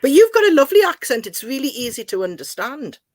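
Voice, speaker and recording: A woman from Newcastle with a higher voice and a strong Geordie accent talks in a chatty, animated way and laughs often. She is on a casual video call, and the sound is dry and close. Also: quick pace, no echo. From Newcastle, northeast England. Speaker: guest.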